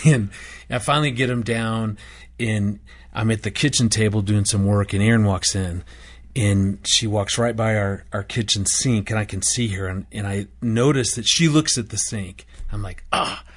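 Husky male co-host, animated storyteller, laughs a lot. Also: lowish voice, moderate pace. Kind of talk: radio talk show conversation.

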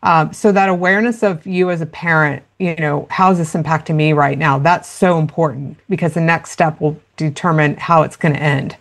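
A woman's voice: low-pitched, fairly even intonation, moderate pace, hardly any pauses. A woman guest in a conversational interview, explaining parenting in an earnest, practical way and acting out little quoted exchanges.

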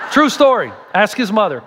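A man's voice: extremely high pitch, a bit bright, slightly rough. A man preaching a sermon as a pastor, telling stories and acting out the voices of the people he quotes. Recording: reverberant hall.

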